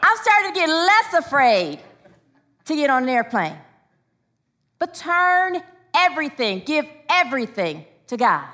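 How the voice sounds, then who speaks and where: Bright high-voiced woman preaching. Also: sing-song, measured pace, pauses often. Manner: call-and-response with congregation, emphatic. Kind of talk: sermon. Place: church.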